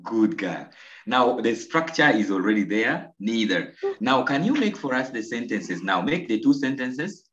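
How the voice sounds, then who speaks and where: A Ugandan man teaching an online English lesson, slow and coaxing, repeating answers and praising his pupils. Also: mid-range voice, sing-song, fairly bright tone. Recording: roomy, dull lo-fi video call audio.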